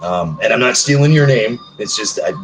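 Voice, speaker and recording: A man's voice: medium pitch, expressive, fairly quick, over music, rough recording. Chatty man in his thirties on a livestream. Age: 30s. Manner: chatty, rambling, self-joking. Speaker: livestream host. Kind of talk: casual livestream chat reading comments.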